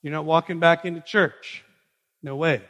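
Man, pastor, sermon, conversational, animated, slightly high voice, long reverb. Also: moderate pace. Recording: long reverb in a large hall.

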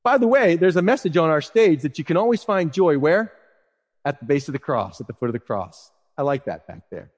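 Guy pastor in his 30s giving a sermon, animated preaching, big reverby church. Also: fairly high pitch, a little fast. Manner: animated preaching, rising and dropping to a hush. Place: church sanctuary. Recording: long reverb of a large hall.

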